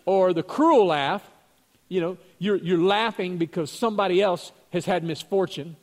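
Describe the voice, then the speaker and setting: High-voiced man preaching a chatty sermon. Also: normal speed. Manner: storytelling, chuckling, repeats words as he goes. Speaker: pastor. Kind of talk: conversational sermon.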